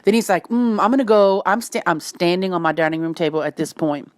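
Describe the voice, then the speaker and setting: A woman with a Cajun accent tells a wild story about home in casual Southern speech, breaking into sudden shrieks and laughter. Her fairly low voice moves fairly quickly, with no echo.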